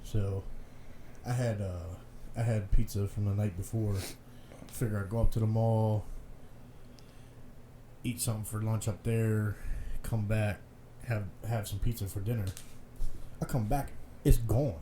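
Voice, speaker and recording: A man's voice: fairly low pitch, fairly even intonation, a little slow, long pauses, warm tone, slight background noise. A man co-hosting a podcast, telling funny stories in a laid-back, casual way and swearing often. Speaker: podcast co-host. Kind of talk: casual storytelling chat.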